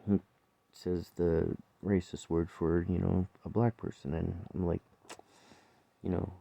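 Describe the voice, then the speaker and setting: Chef, male, very low voice, blunt swearing storyteller, rambling delivery, dry sound. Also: flat delivery, measured pace, vocal fry, mellow, no room sound. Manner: blunt, profane, rambling with laughs. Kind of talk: personal storytelling monologue.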